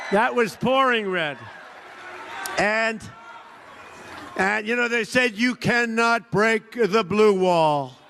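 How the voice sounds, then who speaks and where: A man's voice: high-pitched, background noise. A man giving a political rally speech, boastful and repetitive, mocking opponents and slipping into quoted voices. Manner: drops into quoted voices of others. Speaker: rally speaker.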